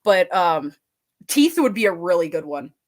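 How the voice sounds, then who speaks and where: A woman's voice: fairly low pitch, big pitch swings, moderate pace, darkish tone. A woman guest, a haunt actor and burlesque performer, telling stories in casual chat, giggly and rambling, swearing freely.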